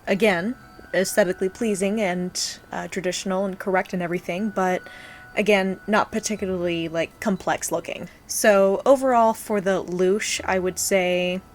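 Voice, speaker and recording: A woman reviewing absinthe in a vlog, describing its look and aroma in a measured, descriptive way. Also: mid-range voice, a little hiss or hum. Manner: measured, descriptive tasting commentary.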